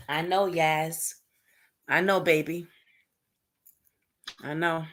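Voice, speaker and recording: A woman with a deep, slightly bright voice speaks slowly and steadily, pausing often, with a little background noise. She's hosting a casual livestream from home at night, chatting about unsolved cases directly to her viewers and reading out and reacting to their comments as they come in.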